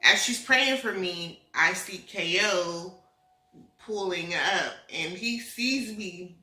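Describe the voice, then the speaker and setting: A young woman with a bright, slightly low voice tells a personal story in a relaxed, chatty way, acting out the back-and-forth as she goes. She sounds like she is in an echoey room, with faint music underneath. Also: slow. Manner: emotional, animated retelling with quoted dialogue. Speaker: vlogger telling her pregnancy story. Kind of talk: casual storytime chat.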